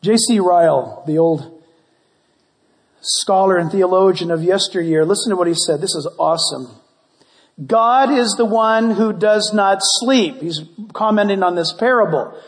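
A pastor preaching a sermon, playful and animated, acting out prayers and little dialogues. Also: male voice, sits high, a little slow. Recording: long hall reverb.

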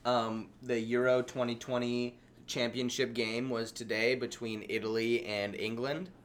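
A man's voice: medium pitch, little pitch movement, measured pace, clean tone. Laid-back young man cohosting a podcast. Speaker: podcast co-host. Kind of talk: casual banter podcast.

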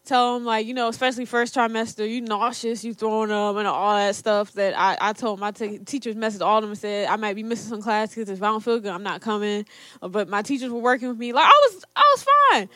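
A woman's voice: mid-range voice, little pitch movement, fast, dry recording. A young woman casually telling a personal story to camera, quoting her parents and often laughing as she talks. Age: young adult. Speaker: storyteller, co-host.

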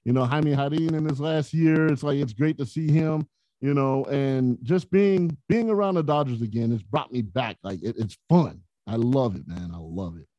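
A man, a podcast guest, telling stories in a casual, animated way, often laughing as he talks. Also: mid-range voice, moderate pace, no room sound, muffled recording. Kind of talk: casual storytelling.

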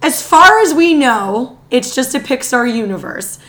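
A woman co-hosting a podcast in casual chat, her voice worn out and tired, talking in an excitable, chatty way with quick asides. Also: high-pitched. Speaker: podcast co-host.

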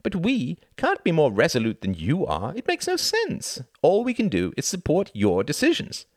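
A man's voice: fairly high pitch, huge pitch swings, moderate pace, no echo, clean studio sound, voice pushed up. A man voicing a smiling British minister who placates and reassures, in an audiobook reading. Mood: placating.

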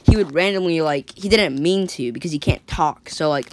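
A woman's voice: deep voice, normal speed, a little mellow. A woman telling an improvised story in a rambling way, full of likes and restarts. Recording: faint background noise.

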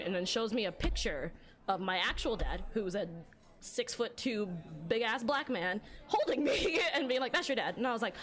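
A woman's voice: fairly high pitch, normal speed, fairly bright tone. A woman hosting a casual podcast chat, candid and talkative, laughing often and swearing now and then. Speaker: podcast host.

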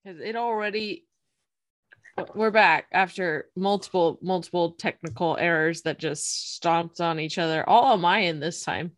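A woman co-hosting a casual show podcast, talking with wry, deadpan complaints. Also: lowish voice, unhurried, soft background music. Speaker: podcast co-host and editor. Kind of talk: casual chat. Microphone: home mic with audio problems.

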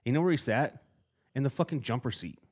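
A middle-aged man co-hosting a podcast tells a story in casual chat, swearing a lot and acting out quotes in a profane, animated style. His voice is medium-pitched and fairly quick, with a breathy edge.

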